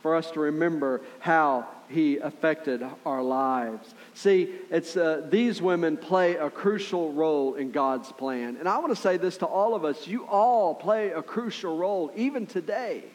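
A man preaching a sermon as pastor, telling the story in an animated way with acted-out voices and asides to the congregation. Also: fairly high pitch, measured pace, hardly any pauses, big-room sound.

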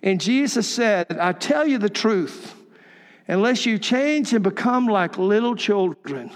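A man's voice: high voice, big-room sound. An older man preaching a sermon, telling folksy stories with chuckling asides. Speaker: pastor.

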